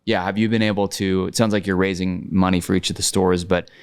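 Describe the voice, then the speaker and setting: Man, podcast host, quick delivery, crisp clear voice, agreeable. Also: low-pitched, little pitch movement. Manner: quick, agreeable, frequent backchannels. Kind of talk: casual interview talk.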